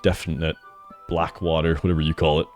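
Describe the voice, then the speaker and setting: Deep-voiced, jokey male streamer. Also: a little fast, faint music behind. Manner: jokey, swearing, animated. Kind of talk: casual game stream chat and reading aloud.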